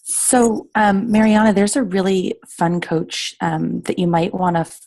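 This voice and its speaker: A woman's voice: lowish voice, steady tone, unhurried, darkish tone. A woman on a team call, talking frankly and encouragingly with frequent "like" and "um". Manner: encouraging, frank, says "like" and "um" often. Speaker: fitness coach on a team call. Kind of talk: casual team call chat.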